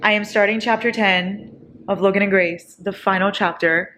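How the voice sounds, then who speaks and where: A woman in her twenties, a book vlogger, talking casually and excitably about what she reads, often breaking into giggles. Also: medium pitch, moderate pace, a little hiss or hum. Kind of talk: casual reading vlog.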